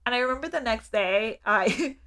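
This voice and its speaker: Lively, high-voiced woman telling a story. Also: normal speed. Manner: animated storyteller, many fillers, acts out quotes. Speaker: podcast co-host. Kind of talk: casual storytelling chat.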